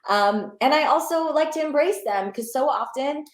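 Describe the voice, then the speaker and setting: A young adult woman, an actor, chatting as a guest in an interview, enthusiastic and animated with many fillers. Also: sits high, normal speed, echoey room. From Pakistani and Bangladeshi heritage. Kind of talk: casual interview chat.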